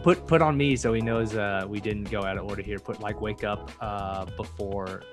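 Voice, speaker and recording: A man's voice: fairly low pitch, moderate pace, over music. A man hosting a casual podcast, joking and rambling with lots of fillers. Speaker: podcast host.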